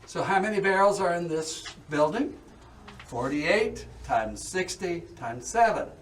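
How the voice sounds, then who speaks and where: A man with a high, fairly bright voice talks in an animated but slightly slow way while touring a group through a distillery warehouse and tasting room. Folksy and chatty, he checks in often with "okay?" and "all right?"; the recording is distant and noisy.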